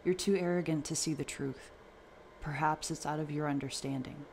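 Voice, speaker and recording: A man's voice: a little high, steady tone, moderate pace, a little hiss or hum, lightly acted. A man doing a smug, brainwashed mother. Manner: cold, arrogant, preachy. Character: cult-brainwashed mother, adult woman, smug.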